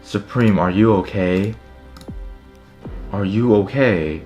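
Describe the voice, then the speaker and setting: A young man with a low, deep voice talks straight to his audience, grumbling and swearing over an online checkout. He sounds annoyed and exasperated as he talks it through. Faint music plays quietly in the background. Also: moderate pace, lo-fi sound. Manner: frustrated, swearing, talking to viewers. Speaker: streetwear vlogger. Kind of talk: casual live commentary.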